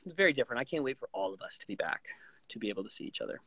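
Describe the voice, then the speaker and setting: A voice actor guest chats casually in an interview, speaking rapid-fire in a husky, medium-pitched voice on a dry recording. He's animated, jumping into voices and impressions mid-sentence.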